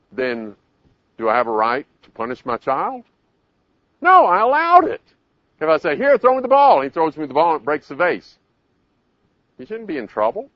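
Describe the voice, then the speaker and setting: A man giving a live parenting talk, animated, acting out parents and children in raised voices. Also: mid-range voice, dry recording, lo-fi sound. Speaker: parenting speaker.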